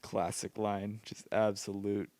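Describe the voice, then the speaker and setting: A man's voice: lowish voice, little pitch movement, slow pace, a little mellow. A tired man hosting a casual solo podcast late at night, rambling and often laughing to himself. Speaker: podcast host.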